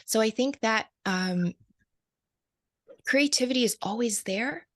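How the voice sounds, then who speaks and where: A woman's voice: fairly high pitch, takes it slowly, a bit bright, no room sound, clean studio sound. A woman who works as a light language channeler, talking reflectively as an interview guest, laughing often and restarting her sentences. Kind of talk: casual interview conversation.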